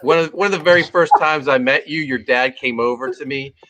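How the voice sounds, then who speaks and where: A man's voice: mid-range voice, fairly quick, a bit bright. A man hosting a casual podcast chat, laughing and teasing his friends. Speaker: podcast host.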